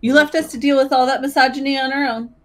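A woman's voice: high voice, fairly even intonation, fast, fairly bright tone. Woman teasing in gaming chat. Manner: laughing, teasing banter. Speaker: gaming group member.

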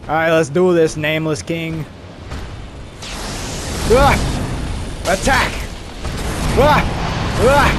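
A man giving excitable let's-play commentary who yelps and shouts during fights. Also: on the high side, slow pace, pauses often, over music. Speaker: game streamer. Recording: noisy game audio behind the voice.

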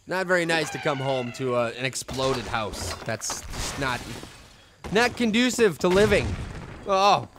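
A man's voice: mid-range voice, animated, measured pace, noisy background. Goofy rambling young man gaming. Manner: goofy, rambling, swings between loud outbursts and mumbles. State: tired and loopy. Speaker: gaming video host. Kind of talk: silly let's-play commentary. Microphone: desk microphone.

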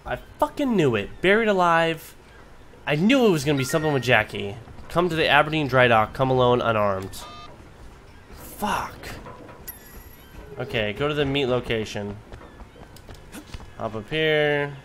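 A man's voice: medium pitch, animated, unhurried, pauses often, a bit bright, slight background noise. A young man commentating on his gameplay, swearing and cracking jokes as he plays. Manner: profane, wisecracking. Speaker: let's play host.

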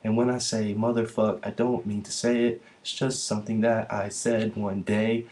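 A man's voice: lowish voice, little pitch movement, normal speed, a little mellow. A man vlogging in a rambling, profane, slangy way. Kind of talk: rambling casual monologue to camera.

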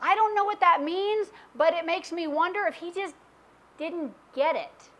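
A woman's voice: very high-pitched, normal speed, a bit bright. A woman preaching a sermon, reading scripture and openly admitting what she does not understand. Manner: candid, self-questioning Bible teaching with acted quotes.

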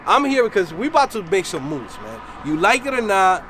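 A man's voice: high voice, sing-song, brisk, a crowd in the background. A man from the Dominican Republic, hosting a casual vlog outdoors and talking in a slangy, hyped way. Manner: slangy and hyped, lots of "man" and "you already know". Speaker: vlog host. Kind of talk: casual street vlog chat. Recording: outdoor street noise behind the voice.

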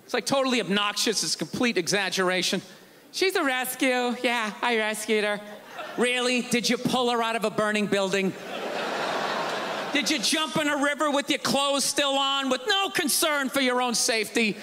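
A male stand-up comedian ranting sarcastically on stage before a live audience, often shouting his punchlines. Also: very high voice, normal speed, slight background noise. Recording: live show with crowd laughter. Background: audience laughter and ambience.

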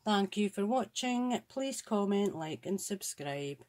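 Her voice is medium-pitched and a little mellow, with lively intonation and a slow delivery. She is a Scottish woman hosting a crafts channel, chatting casually and admiringly as she opens craft supplies and thinks aloud over them.

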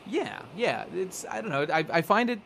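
A man's voice: high voice, lively intonation, normal speed, vocal fry, a bit bright, a little hiss or hum. A man co-hosting a podcast in casual chat, rambling and swearing as he recaps and acts out bits of the story. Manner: rambling, profane, acts out characters' lines. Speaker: podcast co-host.

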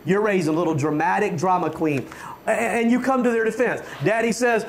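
A man preaching a fervent sermon as pastor, often stammering on restarts and building to shouts. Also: sits high, brisk, vocal fry, slight background noise.

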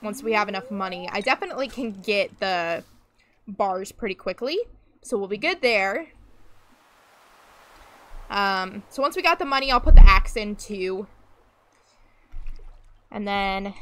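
A woman's voice: mid-range voice, measured pace, long pauses, sharp tone. A young adult woman streaming a farming game, chatting casually to viewers and humming little sounds to herself as she plays.

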